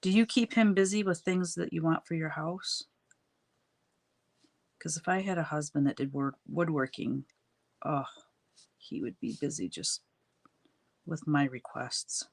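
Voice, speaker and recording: A woman's voice: low voice, a little slow, vocal fry, long pauses. A middle-aged woman hosting a casual live stream, greeting viewers and chatting while she crafts, a bit sniffly from allergies. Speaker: livestream host chatting with viewers.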